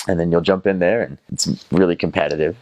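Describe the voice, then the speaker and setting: A man's voice: low voice, fairly even intonation, fast talker, darkish tone. A young man from North Carolina with a Southern American accent, casually telling stories about his time as a missionary, rambling with lots of fillers and restarts and mimicking other people's voices. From North Carolina, USA. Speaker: former missionary. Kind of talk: casual first-person storytelling.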